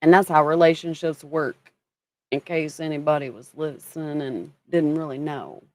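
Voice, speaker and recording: Low-voiced woman chatting on a livestream. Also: normal speed, no echo. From Kentucky. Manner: chatty, greets viewers by name while talking. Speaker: livestream host. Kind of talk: casual livestream chat.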